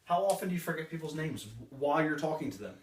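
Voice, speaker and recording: Speaking quickly in an animated, somewhat high voice, a man runs a live sales training seminar. His punchy talk includes short role-played customer exchanges. The recording is distant and roomy, carrying a little hiss or hum.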